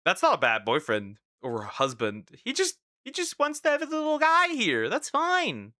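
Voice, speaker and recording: A man's voice: very high-pitched, huge pitch swings, moderate pace, pushed and bright, no room sound, studio quality. A man reacting to videos as a streamer, talking casually, laughing and repeating himself as he stammers through his thoughts.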